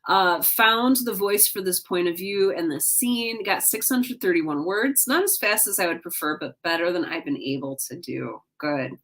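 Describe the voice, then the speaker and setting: A woman's voice: fairly low pitch, animated, normal speed, few pauses, a bit bright. Tired, yawning woman streamer. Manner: yawning, drowsy, upbeat and encouraging. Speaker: livestream host. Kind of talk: casual livestream chat, reading comments. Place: home.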